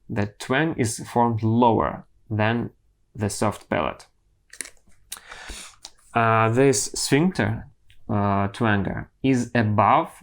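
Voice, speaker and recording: A man teaching singing, explaining vocal technique slowly and carefully, pausing and restarting as he goes. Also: fairly low pitch.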